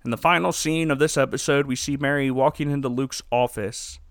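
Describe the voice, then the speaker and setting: A man's voice: medium pitch, steady tone, fairly quick, no room sound, studio quality. A man hosting a podcast, giving a wry, joking recap with chuckles in a casual comedic style. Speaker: podcast host.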